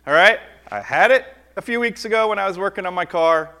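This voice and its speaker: A middle-aged man giving a lively, conversational children's sermon, often asking the kids "right?". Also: sits high, a little fast.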